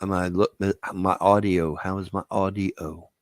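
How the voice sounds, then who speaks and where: A man's voice: deep voice, flat delivery, a little slow, no room sound. Furious profane man ranting on stream. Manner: angry, profane, threatening. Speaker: live streamer. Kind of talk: heated live-stream rant.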